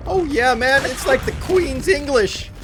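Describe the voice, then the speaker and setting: A man putting on a goofy, high-pitched young slacker voice while streaming a game. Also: animated, measured pace, over music. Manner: high, drawling surfer-style voice. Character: laid-back goofy young male slacker dude. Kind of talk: streamer doing a character voice while playing.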